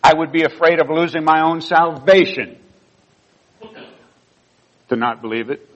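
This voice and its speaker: A man's voice: fairly high pitch, measured pace, a bit bright, dull audio. An older man, a pastor, telling personal stories in a sermon in an earnest, heartfelt way. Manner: earnest storytelling, rising emotion at key moments.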